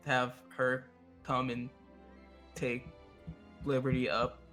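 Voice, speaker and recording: A man's voice: medium pitch, monotone, slow pace, music in the background. A man playing a tabletop game in easygoing chat, often hesitating and trailing off. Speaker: player.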